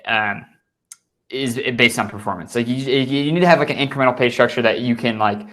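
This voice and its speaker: A young man co-hosting a casual podcast, easygoing in tone. He often trails off mid-thought and starts his sentences again. His voice sits at an ordinary middle pitch. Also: a little fast, fairly bright tone. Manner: laid-back, trails off and restarts sentences. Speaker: podcast co-host.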